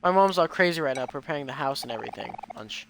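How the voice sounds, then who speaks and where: A man reading the lines of an energetic, cocky teenage boy, breaking in with munching sounds. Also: medium pitch, quick pace, vocal fry. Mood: eager. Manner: reads game dialogue aloud, says munch between lines. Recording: noisy recording.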